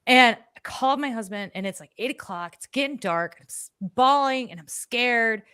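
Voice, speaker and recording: A woman co-hosting a podcast, telling a story in a casual, animated way, swearing freely and acting out her own words. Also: a little high, moderate pace, smooth, no echo, clean studio sound. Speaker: podcast co-host.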